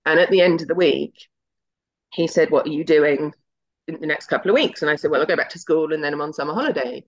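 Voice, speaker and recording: A woman's voice: deep voice, fast. A middle-aged woman, a TV executive guest, telling her story in a chatty, anecdotal way and acting out the dialogue. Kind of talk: casual interview storytelling. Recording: slightly muffled lo-fi audio.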